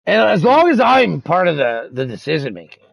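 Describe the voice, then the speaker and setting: An animated man tells profane stories in casual chat. His slightly high voice swoops widely and carries a gravelly edge. The sound is dry and close to the mic. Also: brisk, no echo, poor audio. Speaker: racing league member.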